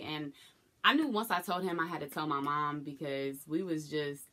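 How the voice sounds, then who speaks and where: Brief: young woman, low and bright voice, candid emotional vlog storytelling. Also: normal speed. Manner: candid, emotional retelling with acted quotes. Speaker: vlogger. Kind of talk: personal storytelling to camera.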